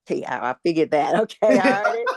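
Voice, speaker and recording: A woman hosting a podcast who asks quick questions in an upbeat, encouraging way. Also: low-pitched, big pitch swings, vocal fry, crowd noise. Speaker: podcast host. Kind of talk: casual podcast interview.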